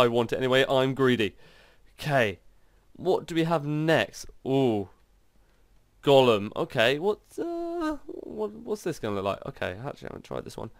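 A man commenting on his video game play in an excitable, exclaiming way. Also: mid-range voice, no room sound, clean studio sound. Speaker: gaming channel host. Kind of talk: gameplay commentary.

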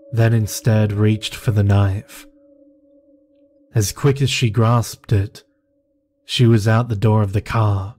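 A man narrating a horror story in a slow, measured first-person telling. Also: on the low side, steady tone, a little mellow. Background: faint music.

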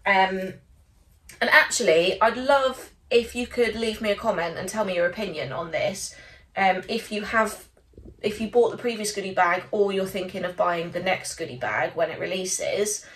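A woman's voice: medium pitch, normal speed, fairly bright tone, slight background noise. A young woman chatting casually in a vlog from her small studio office, rambling with lots of ums. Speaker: small stationery business owner. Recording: voice a bit far from the mic.

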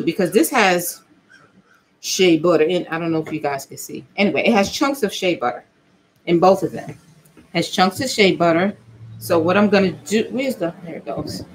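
A woman, possibly older, chatting casually as she makes soap for her vlog, telling playful stories in a lively, animated way. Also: lowish voice, slight background noise. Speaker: vlogger. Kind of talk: casual chat while making soap.

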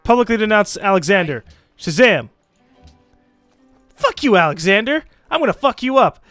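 A young man giving casual, excitable commentary while playing a strategy game, swearing and teasing the computer opponents. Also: sits high, normal speed, no echo, soft background music. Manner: excitable, swears, mocks game leaders in put-on voices. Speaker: let's play gamer.

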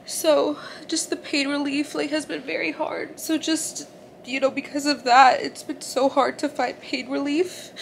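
A woman's voice: high voice, little pitch movement, a little slow, creaky, slight background noise. A young woman vlogging from a hospital room after giving birth, tearful and in pain, rambling with many "like"s. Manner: tearful, rambling, says "like" often. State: crying, in pain after surgery. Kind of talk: emotional personal vlog.

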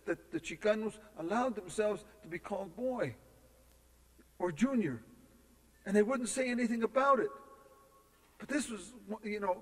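Casting note: man with a high voice, storytelling speaker at a lectern, long hall reverb. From California. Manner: storytelling, asks the crowd rhetorical questions. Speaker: guest speaker. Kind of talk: public lecture. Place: university lecture hall. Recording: long echo in a lecture hall.

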